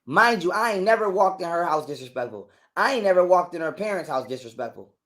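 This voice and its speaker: A man's voice: high voice, very animated, fast, fairly bright tone. A man telling a heated, profane story as a guest on an interview show. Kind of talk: casual storytelling.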